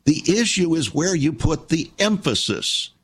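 A man's voice: fairly high pitch, very animated, unhurried, fairly bright tone, husky. A man preaching an emphatic broadcast sermon, addressing listeners as friends. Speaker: radio preacher.

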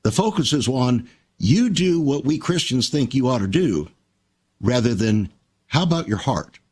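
An older man hosting a Christian radio talk show, telling stories in a measured, reflective way. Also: medium pitch, sing-song, a little mellow, breathy edge.

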